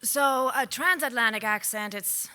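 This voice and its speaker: A woman's voice: a little high, a little slow, bright, forceful tone. A woman voice actor speaking confidently and playfully on a convention panel stage. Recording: long hall reverb on stage.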